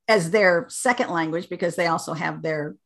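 An American woman working as an accent coach, explaining things clearly as an interview guest and turning animated when she tells stories. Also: on the low side, normal speed. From United States.

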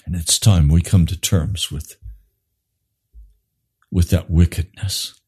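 A man preaching an impassioned sermon, swinging from low grave tones to high urgent pleading. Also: fairly even intonation, slow, a little mellow, husky.

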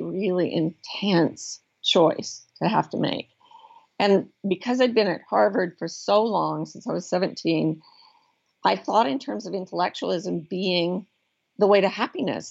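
Earnest middle-aged woman, gravelly voice. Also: mid-range voice. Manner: earnest, thoughtful, with frequent restarts and slow emphasis. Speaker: guest, life coach. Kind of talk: reflective personal storytelling. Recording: dull lo-fi recording.

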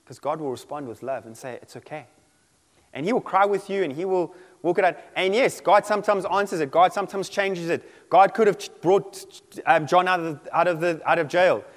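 A man preaching a sermon in an animated way, acting out quoted voices and laughing often. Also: sits high, a little fast, few pauses. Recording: long hall reverb.

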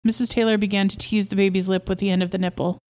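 Woman storyteller, steady and measured, mid pitch. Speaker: podcast host reading a story. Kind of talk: story reading.

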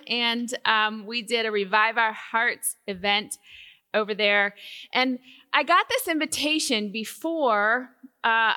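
A woman speaking at a Christian women's conference, telling a personal story with lively, animated delivery, recorded live in a hall. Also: on the high side. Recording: hall reverb from a live venue.

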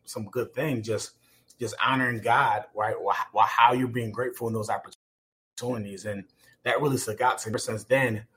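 A man's voice: lowish voice, fairly bright tone. Earnest man telling a personal story. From United States. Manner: earnest, with many fillers and restarts. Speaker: podcast guest, former pro football player.

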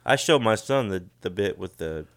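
A middle-aged man co-hosting a casual chat, relaxed and chuckling often, trailing off into mumbles. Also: fairly low pitch, moderate pace, no room sound.

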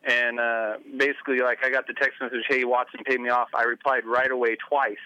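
A man's voice: mid-range voice, level tone, fairly quick, pushed and bright, smooth, lo-fi sound. A man calling into a radio show, defending himself with sarcasm. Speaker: caller. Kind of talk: phoned-in radio argument.

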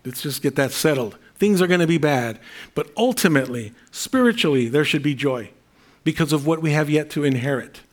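A man's voice: on the high side, animated, fairly quick. A middle-aged male pastor preaching a sermon in an earnest, conversational way, with fillers and repeated phrases.

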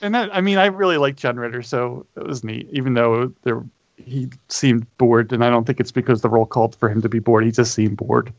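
A man's voice: medium pitch, a little fast, dry recording, dull audio. A man in casual chat, playful and amused as he comments on a movie.

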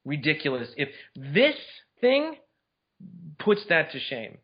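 A man co-hosting a casual movie chat, talking in excited, incredulous bursts with many restarts. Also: fairly high pitch, slow pace, breathy edge, dull audio. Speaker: podcast co-host.

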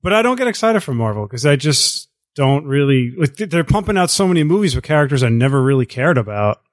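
A man's voice: mid-range voice, big pitch swings, fast talker, no echo. Rambling man with plenty of "like"s. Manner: rambling, hesitant, many fillers. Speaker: podcast co-host. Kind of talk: casual chat.

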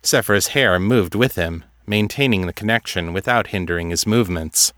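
A man giving a measured, scripted narration of a fantasy story. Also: sits low, a bit bright, dry recording, clean studio sound. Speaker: audiobook narrator.

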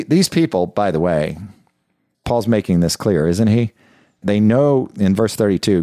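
A man's voice: sits low, dark tone, no room sound, studio quality. A middle-aged male pastor preaching a sermon in an earnest, confessional way, often repeating and restarting phrases.

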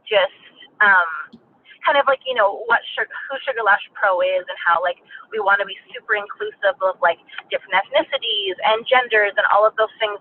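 Woman rambling thru a story w lots of likes, sounds like a phone line, bit of hiss. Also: mid-range voice. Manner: chatty, lots of filler words. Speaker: business owner being interviewed. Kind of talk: casual storytelling.

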